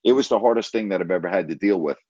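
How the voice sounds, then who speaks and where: A man's voice: low voice, very fast, a little mellow, no room sound. Man, middle-aged, blunt, emphatic, radio host, dry close sound, slightly muffled. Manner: blunt, emphatic, salty language. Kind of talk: storytelling in an interview.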